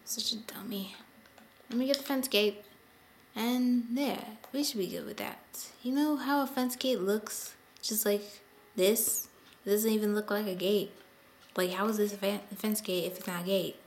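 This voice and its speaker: A woman's voice: medium pitch, steady tone, moderate pace, a little hiss or hum. A woman giving casual gameplay commentary, chatty and sighing often as she talks to the animals in her game. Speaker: gameplay video host.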